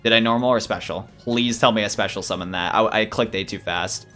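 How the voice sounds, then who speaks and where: A young man giving excited, rambling let's play commentary while he plays. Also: fairly low pitch, a little fast, faint music behind. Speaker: gaming YouTuber.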